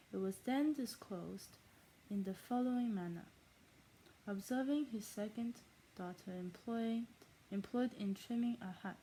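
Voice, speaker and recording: A woman voicing a female reader of a classic novel in a fake German accent, reading aloud haltingly with stumbles and rereads. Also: fairly high pitch, mellow, a little hiss or hum, lightly acted, low-quality recording.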